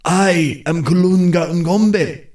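A man voicing Kalunga Ngombe, a male lord of death, who pleads high and slow, then calmly justifies himself. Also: far from the mic. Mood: pleading.

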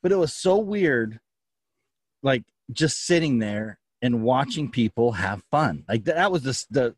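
A man hosts a podcast, rambling through his thoughts, restarting his sentences and breaking into laughs. He is recorded close and dry, with no room sound. His pitch is middling for a man. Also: animated, measured pace, dry recording. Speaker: podcast host. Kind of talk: casual chat.

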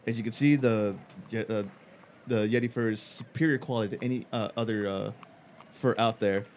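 A man voicing a boastful, pushy male mercenary who rambles through a sales pitch, over faint background noise. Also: steady tone, a little fast, darkish tone, lightly acted. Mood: boasting.

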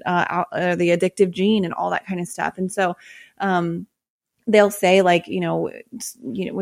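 A woman's voice: fairly low pitch, vocal fry, no echo, clean studio sound. A woman hosting a podcast, talking in a casual, chatty way with many fillers. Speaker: podcast host. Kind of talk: casual chat.

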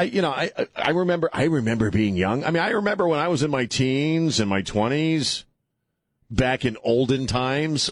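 A man's voice: mid-range voice, breathy edge, no echo, studio quality. A middle-aged man hosting a call-in radio show, rambling and sarcastic as he restarts his sentences. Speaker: radio talk show host. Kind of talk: casual talk radio monologue. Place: radio studio.

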